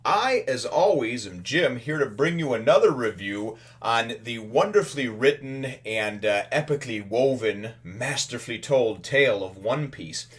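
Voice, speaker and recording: A man's voice: mid-range voice, animated, normal speed, hardly any pauses. A man hosting a casual manga chapter review, retelling the plot in a rambling, filler-heavy way and acting out the characters' lines playfully.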